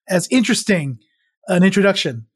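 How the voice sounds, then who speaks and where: Male podcast co-host, casual storyteller, higher-pitched, dry close recording. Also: expressive, brisk, breathy edge, no room sound. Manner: chatty, laughs often, many restarts. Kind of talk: casual travel chat.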